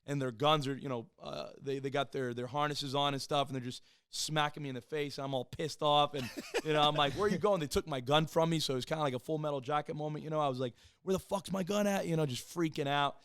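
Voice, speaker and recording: Fast-talking, clear-voiced man telling his story. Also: on the high side, no echo, studio quality. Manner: animated, profane, acts out the voices of people he quotes. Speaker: podcast guest, former Marine and police officer. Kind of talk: casual storytelling on a podcast.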